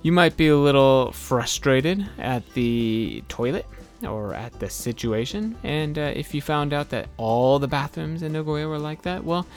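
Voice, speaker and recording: A man's voice: fairly high pitch, a little slow, faint music behind. Chatty man teaching English vocabulary. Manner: relaxed, chatty, ranting with filler words. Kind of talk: casual spoken English lesson.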